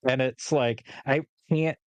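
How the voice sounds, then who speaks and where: A man's voice: medium pitch, steady tone, takes it slowly, darkish tone, dry recording, highs cut off. A man in his forties from California, co-hosting a podcast in a rambling casual chat full of fillers and laughs. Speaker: podcast co-host.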